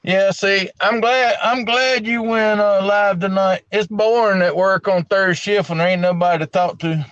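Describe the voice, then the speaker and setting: A man's voice: high-pitched, fairly even intonation, normal speed, hardly any pauses, fairly bright tone, highs cut off. A middle-aged man, chatting casually on a live stream from a gas station at night, drawling and repeating his words. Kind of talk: casual chat.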